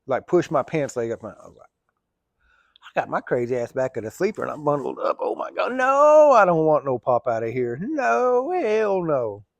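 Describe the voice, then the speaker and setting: A man's voice: mid-range voice, darkish tone, no room sound. A man who drives trucks, telling stories in a rambling, chatty way, swearing casually and laughing easily. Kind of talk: casual storytelling.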